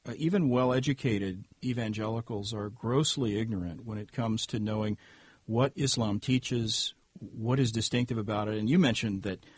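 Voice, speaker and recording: A man hosting an interview, offering measured, reflective commentary to his guest. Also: medium pitch, breathy edge, no echo. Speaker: host. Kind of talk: conversational interview.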